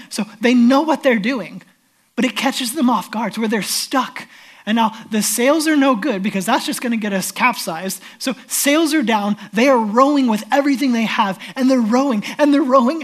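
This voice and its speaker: A pastor delivering a sermon, telling the story with animated swings between loud emphasis and hushed, near-whispered lines. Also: male voice, very high voice.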